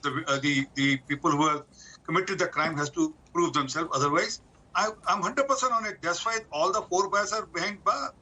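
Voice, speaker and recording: A man from India on a TV debate panel, firing back a forceful rebuttal. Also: fairly high pitch, rough recording. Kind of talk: heated TV debate.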